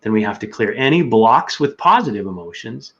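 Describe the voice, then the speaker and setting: A man's voice: on the low side, sing-song, brisk, creaky, breathy edge. A man telling his story earnestly as a podcast guest, sometimes acting out his own inner voice. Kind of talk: casual chat. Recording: dull lo-fi sound.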